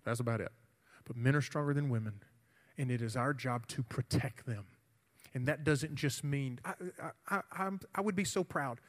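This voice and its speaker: A man, preaching a youth sermon and telling a story with energetic, shouted bursts. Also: medium pitch, normal speed. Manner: animated, shouting during the retold confrontation. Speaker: youth pastor. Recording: hall reverb.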